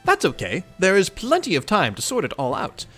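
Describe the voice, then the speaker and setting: A chatty, clever troll lady who knows more than she lets on, voiced by a male reader. Every word is carefully enunciated, and her voice keeps a bright, animated bounce. Faint music runs underneath. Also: high-pitched, a little fast, husky, voice pushed up, full character voice. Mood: upbeat, chatty. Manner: precise, properly enunciated, upbeat. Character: chatty, sweet, know-it-all female troll ancestor. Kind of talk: reading a webcomic aloud in voices.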